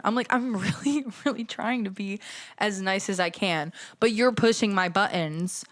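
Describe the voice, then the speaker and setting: A young adult woman hosting a podcast, casually telling a story about working as a bartender, animated and swearing as she acts out both sides of the exchange. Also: medium pitch, normal speed, dry recording, studio quality. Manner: animated, acts out customers and herself in quoted dialogue, swears. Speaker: podcast host.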